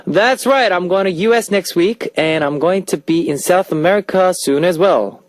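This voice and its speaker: A man's voice: sits high, normal speed, no echo. A young man from Australia hosting a radio show and reading out listener messages in an upbeat, chatty way, speaking into a studio microphone. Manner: upbeat, chatty, with playful outbursts.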